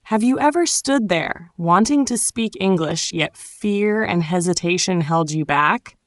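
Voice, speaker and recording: A woman giving a scripted, encouraging English lesson in a calm, clearly enunciated way. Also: lowish voice, a little slow, no echo. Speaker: English teacher. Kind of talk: scripted motivational narration.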